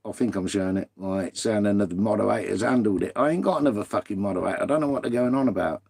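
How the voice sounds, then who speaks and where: A man's voice: lowish voice, fast talker, a little mellow, breathy edge. A middle-aged man, chatting casually on a live stream, swearing freely and bantering with viewers. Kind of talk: casual live-stream chat reading comments.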